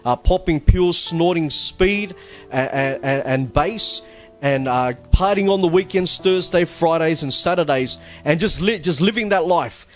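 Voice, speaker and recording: A man with a fairly high voice tells his testimony in an earnest, halting way, often repeating words. Soft music plays faintly behind him. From Australia. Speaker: church testimony speaker. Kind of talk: personal testimony. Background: faint background music.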